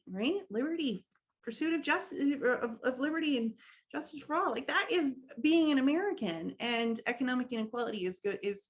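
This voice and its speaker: A middle-aged woman leading an online training session, earnest and halting, with many restarts and a frequent "right?". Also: fairly high pitch, fairly bright tone. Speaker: workshop trainer.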